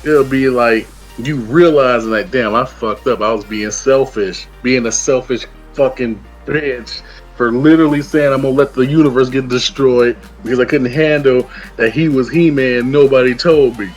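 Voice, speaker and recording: A man's voice: medium pitch, moderate pace. A man with a mid-range voice rants his way through a casual show review. He swears freely and slips into mocking quoted voices as he retells the story. Faint music sits behind him. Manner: animated profane ranting, acts out characters' lines while retelling the plot. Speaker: co-reviewer guest.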